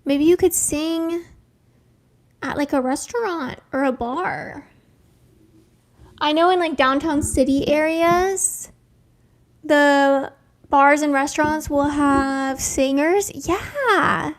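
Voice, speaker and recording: A young woman hosting a casual live stream, reading out viewers' names and talking gently and affirmingly about dreams. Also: sits high, no room sound. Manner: slow, gentle, spiritual and affirming.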